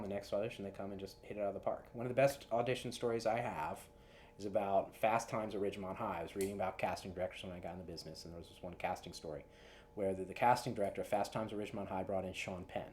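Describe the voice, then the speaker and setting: A man's voice: low voice, a little mellow, a little hiss or hum. A man who works as a casting director, giving earnest audition advice to actors. He often restarts and repeats words as he talks.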